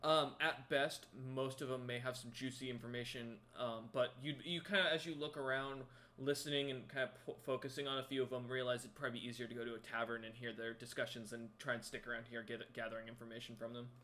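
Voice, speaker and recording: A man's voice: medium pitch, little pitch movement, fast talker, hardly any pauses, sharp tone. A man narrating a tabletop game as game master, rambling with many fillers. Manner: rambling, lots of ums and kinda.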